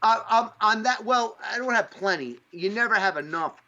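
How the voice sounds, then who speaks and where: A man's voice: high voice, expressive, moderate pace, sharp tone, slight background noise. Rambling man from upstate New York, lo-fi. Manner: rambling, profane, lots of fillers. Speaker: podcast host. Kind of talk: casual chat. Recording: dull lo-fi sound.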